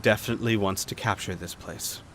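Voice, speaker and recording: A man's voice: lowish voice, steady tone, brisk, fairly bright tone, a little hiss or hum. A man voicing a stern queen in battle dress in a tabletop game. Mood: grim.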